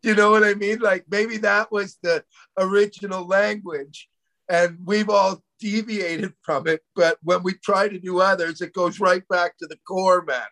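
Rambling Canadian man, slightly raised pitch. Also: fairly even intonation, a little slow, gravelly, fairly bright tone, poor audio. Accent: Canadian, partly Americanized. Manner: rambling, loose, peppered with "man" and "you know". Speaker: comedian guest. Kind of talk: casual podcast chat.

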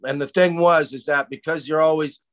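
A man's voice: fairly high pitch, steady tone, brisk, a bit bright. A middle-aged man from Canada chatting casually as a podcast co-host, rambling, laughing and peppering his talk with "man". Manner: rambling, laughing, swears and says "man" a lot. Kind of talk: casual chat.

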